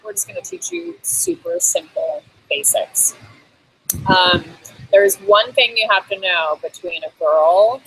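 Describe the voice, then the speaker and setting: A woman's voice: mid-range voice, very animated, unhurried, gravelly, fairly bright tone, slightly rough, low-quality recording. A woman hosting a casual on-camera lesson on basic phrases, chatty, with frequent ums and laughs between phrases. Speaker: host teaching basic Thai phrases. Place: Bangkok.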